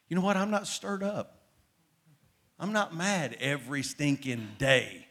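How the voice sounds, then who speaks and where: A middle-aged male pastor delivers a sermon with a slightly high voice. He swings from loud, emphatic declarations down to low, hushed asides, with a conversational feel throughout. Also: very animated, unhurried, pauses often.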